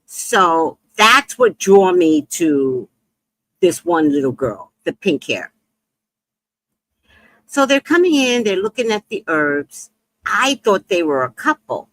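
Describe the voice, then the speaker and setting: A middle-aged woman casually telling a story about her shop, animated and swooping high when she acts out other people. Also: slow, no echo.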